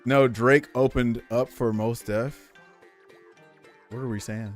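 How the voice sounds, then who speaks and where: A man's voice: mid-range voice, slow pace, pauses often, soft background music. A young man streaming from home, ranting in casual slang and addressing his chat directly. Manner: animated, opinionated, slangy, talks to chat.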